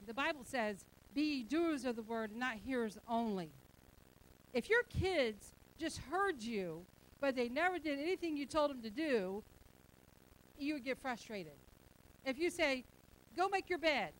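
A woman's voice: high voice, lively intonation, a little slow, slight background noise, rough recording. A middle-aged woman pastor preaching a sermon, emphatic and repetitive, acting out bits of everyday dialogue.

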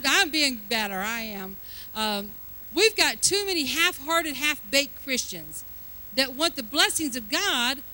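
An older woman preaching a sermon, building from chatty asides to fervent, loud exhortation. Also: sits high, rough recording. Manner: fervent, rising to loud exhortation, drawn-out emphasis.

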